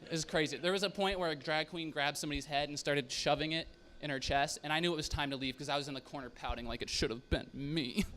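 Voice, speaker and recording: A man closing his stand-up set with quick, quiet wrap-up patter before handing back to the host. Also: fairly high pitch, slight background noise. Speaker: stand-up comedian.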